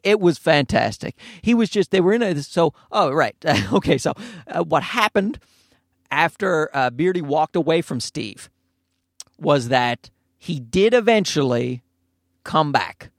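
A man spins a casual story with a lively, swooping voice, cursing freely and breaking into laughter. His voice sits fairly high, and it is recorded dry and close. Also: measured pace, vocal fry, no echo. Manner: animated, profane, laughing often.

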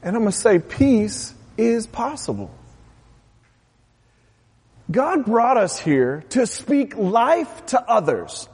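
A man with a high, slightly husky voice delivers a sermon with real passion, his pitch leaping as he urges the congregation on. The sound carries a long reverb, like a church hall. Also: unhurried, few pauses. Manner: animated, impassioned preaching, then soft prayer. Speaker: pastor.

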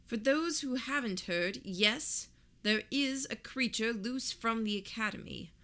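A woman voicing a short, plump male politician who projects to a crowd in a rushed, reassuring manner. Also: mid-range voice, animated, sharp tone. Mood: projecting reassurance. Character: short plump male politician, practiced loud public speaker.

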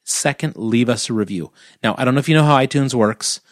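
A man co-hosting a podcast, chatting casually and joking, animated as he pitches to listeners. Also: fairly quick, dry recording, studio quality. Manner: jokey, animated, plugs with mock urgency. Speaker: podcast co-host.

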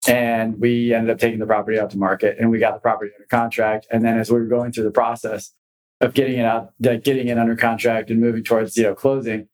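A man's voice: medium pitch, little pitch movement, fast talker, a little mellow, low-quality recording. A man on a podcast tells a story with energy. He acts out the people he quotes. His voice sits in an ordinary middle range. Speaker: guest; commercial real estate broker.

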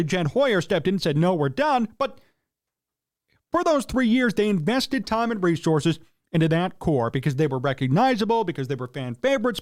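Sports radio host, male, high-pitched, opinionated and exasperated, dry close sound. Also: no room sound. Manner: opinionated, exasperated rants with rhetorical questions. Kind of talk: solo sports talk commentary.

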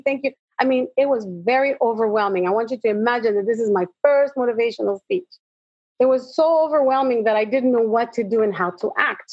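In a somewhat high voice with a breathy edge and no room sound, a middle-aged woman who speaks motivationally shares her own story as an interview guest. Her storytelling is animated, with dialogue acted out, over dull lo-fi audio.

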